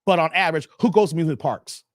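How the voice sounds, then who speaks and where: A man in his thirties hosting a live stream, ranting bluntly and profanely, repeating himself and swinging between loud high bursts and low mutters. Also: racing, dry recording, studio quality. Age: 30s. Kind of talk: ranting commentary to a live chat.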